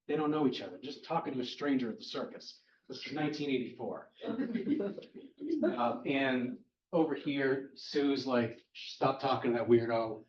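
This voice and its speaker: A man's voice: medium pitch, moderate pace. Wry man recapping a comic, roomy. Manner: chatty, wry, speeding through plot points. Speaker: podcast host recapping a comic. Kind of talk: casual comic-book recap. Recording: roomy, distant, dull-sounding mic.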